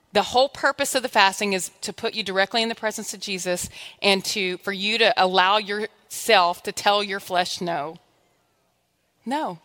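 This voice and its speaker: Bright, chatty woman pastor preaching. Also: mid-range voice. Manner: conversational, humorous, exhorting. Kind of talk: sermon. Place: church.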